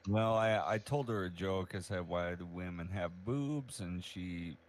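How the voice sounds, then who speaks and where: A man's voice: deep voice, unhurried. A man chatting casually with a fellow gamer, telling crude jokes in a laid-back way with lots of uh and um. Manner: laid-back storyteller who hesitates with uh and um. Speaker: fellow player.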